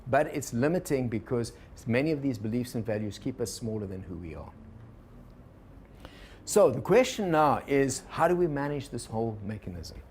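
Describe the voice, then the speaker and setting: A man teaching a workshop to a live group, relaxed and digressive, often turning to the audience with questions. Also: mid-range voice, moderate pace, slight background noise. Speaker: organizational consultant teaching a workshop.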